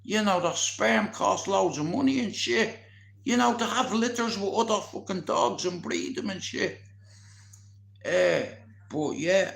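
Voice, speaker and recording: A man, telling a story in casual, animated chat, swearing constantly. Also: high voice, vocal fry, roomy sound. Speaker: vlogger.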